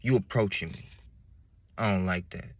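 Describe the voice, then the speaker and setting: A man's voice: low voice, moderate pace, no echo. A man telling a story from his life in blunt, profane street slang. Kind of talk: casual spoken storytelling.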